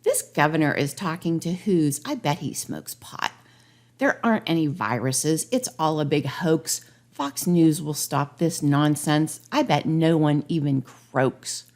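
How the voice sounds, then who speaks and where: A woman's voice: low-pitched, a little slow, darkish tone. A woman voicing a blustering, mocking male TV pundit in a rhyming storybook parody.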